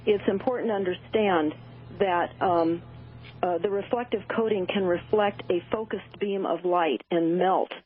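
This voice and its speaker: A woman's voice: fairly low pitch, measured pace, breathy edge. A woman talking as a radio show guest, urgent and full of uh and um fillers. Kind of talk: radio call-in talk. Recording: tinny phone line.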